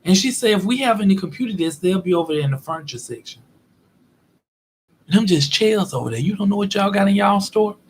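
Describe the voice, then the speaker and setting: A man's voice: high-pitched, a little fast, slight background noise. A man hosting his own show, telling an everyday story as a casual, exasperated rant and acting out both sides of the conversation. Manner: animated, exasperated, acts out both sides of dialogue. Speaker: show host.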